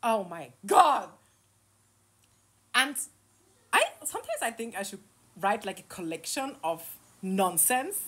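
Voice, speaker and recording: A woman's voice: mid-range voice, sing-song, slow pace, pauses often, fairly bright tone, slightly rough. Sarcastic, heated woman in her thirties ranting. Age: 30s. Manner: sarcastic, heated, swearing, laughing between jabs. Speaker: online creator. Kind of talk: casual rant to camera. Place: lying in her bed at home.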